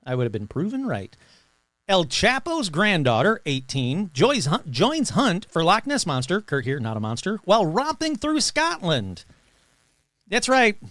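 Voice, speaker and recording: A man with a fairly high, lively voice reads paranormal news for his podcast and keeps breaking in with offhand, joking remarks. The sound is dry and close, with no room around it. His talk is loose and casual, full of quick reactions. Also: dry recording. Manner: reads news items aloud with joking asides. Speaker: podcast host. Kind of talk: casual news reading and commentary.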